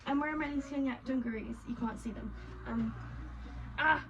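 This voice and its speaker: Chatty woman vlogging, high-ish voice. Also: normal speed, noisy background. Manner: rambling and candid, many ums. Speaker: crochet vlogger. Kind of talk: casual vlog chat.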